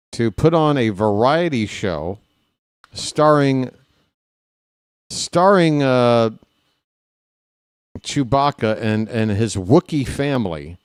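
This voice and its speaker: A man calling a ballgame at an unhurried pace, drifting into joking, rambling asides between pitches. His voice is dry and close, with no room sound around it. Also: a little mellow, no room sound. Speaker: play-by-play announcer. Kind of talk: casual live baseball play-by-play.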